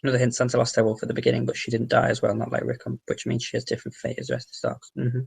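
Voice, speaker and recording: A man with a Merseyside accent from the Wirral, England, hosts a laid-back livestream, speaking fast in a medium-pitched voice roughened by gravelly fry. He is chatty, working through his viewers' comments aloud, replying to each and dropping the odd swear.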